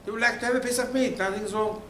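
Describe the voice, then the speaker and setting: A man teaching a Torah lesson as a rabbi, retelling the text in a theatrical, animated way. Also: very high voice, quick pace, slight background noise. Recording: echoey room with faint ambience.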